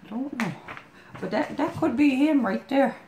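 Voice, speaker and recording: A woman's voice: high-pitched, lively intonation, moderate pace, darkish tone, slight background noise. A woman reading a storybook aloud, breaking off into chatty, homespun asides as if talking straight to a friend. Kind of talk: reading a picture book aloud with folksy asides. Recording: roomy echo.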